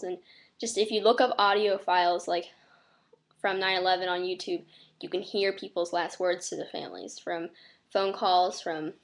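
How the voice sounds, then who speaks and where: An American teenage girl speaking earnestly and reflectively to camera, with many fillers and a flat, monotone delivery. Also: fairly low pitch. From United States. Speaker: vlogger.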